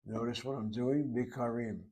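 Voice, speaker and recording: A man's voice: mid-range voice, fairly even intonation, normal speed, mellow. A man giving a classroom lecture on Hebrew grammar, methodically spelling out vowels and letters at the board. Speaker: Hebrew teacher.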